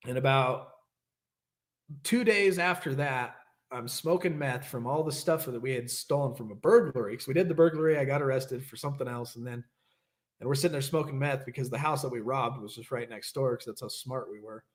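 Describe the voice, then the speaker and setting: A man's voice: mid-range voice, brisk. A young adult man hosting an online recovery meeting, candidly telling a rambling story and acting out what people said. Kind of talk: casual storytelling share.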